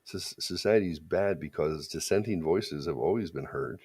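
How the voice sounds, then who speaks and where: A very low-voiced man holds forth on a podcast. He talks casually, is blunt and crude, and often restarts his sentences as he goes. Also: normal speed, a little mellow, slightly rough. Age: adult parent. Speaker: podcast co-host. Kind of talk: casual opinionated chat.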